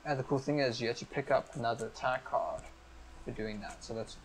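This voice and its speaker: A man acting as game master on a live stream, explaining each rule of a tabletop game step by step in a brisk, upbeat way. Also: medium pitch, slight background noise, low-quality recording.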